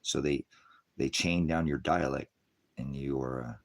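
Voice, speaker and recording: Low-voiced male street-style preacher, rambling, chuckling, sarcastic. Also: unhurried. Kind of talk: casual livestream preaching.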